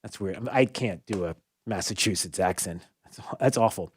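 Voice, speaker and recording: A man hosting a talk radio show, giving animated, sarcastic commentary and often laughing at his own remarks, on a studio microphone. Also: low-pitched, moderate pace, husky.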